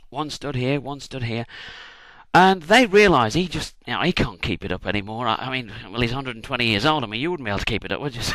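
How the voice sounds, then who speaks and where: Lively irreverent man telling a comic story. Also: fairly high pitch, dry recording. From United Kingdom. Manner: irreverent, swearing, acts out shouted cheers. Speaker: vlogger.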